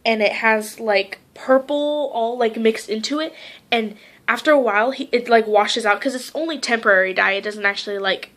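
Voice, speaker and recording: A teenage girl vlogging casually, rambling through a story with lots of "like" and quoting people in lively voices. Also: fairly high pitch, normal speed. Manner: heavy use of "like".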